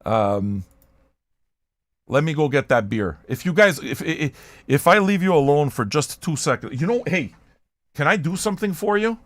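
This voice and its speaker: A man hosting a record-listening livestream who talks in a loud, shouty, abrasive rant and swears freely. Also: on the high side, moderate pace, no room sound. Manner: profane, excitable. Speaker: host of a record-listening show. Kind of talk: loud ranting livestream chat.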